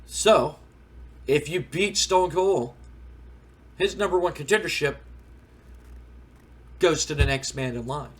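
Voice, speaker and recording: Man voicing a firm, businesslike young executive, fairly high voice, announcing a match. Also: takes it slowly, long pauses, slightly rough. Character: impression of a young male wrestling executive, stern.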